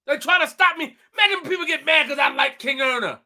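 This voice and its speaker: A man's voice: extremely high pitch, fast talker, sharp tone. A young man hosting a live stream, ranting boastfully and emphatically, repeating his phrases and tripping over words. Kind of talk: fired-up live-stream rant.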